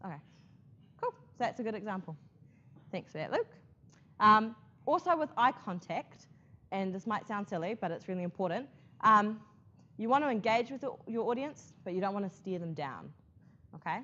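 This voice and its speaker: A woman's voice: medium pitch, animated, moderate pace, long pauses, bright, forceful tone. A woman teaching a class about presentation skills, chatty, checking in often with "okay?". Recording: muffled classroom recording.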